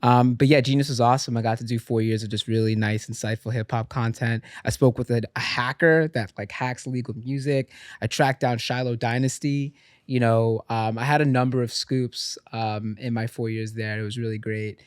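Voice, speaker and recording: A man's voice: medium pitch, fairly even intonation, normal speed, smooth, dry recording. Chatty male journalist, dry studio sound. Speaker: guest journalist. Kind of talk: casual podcast conversation.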